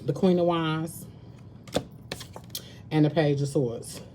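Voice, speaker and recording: A woman's voice: low-pitched, fairly even intonation, slow, background noise. A woman tarot reader chatting casually with her viewers on a live stream, slangy and talkative, calling them baby and girl. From Southern United States.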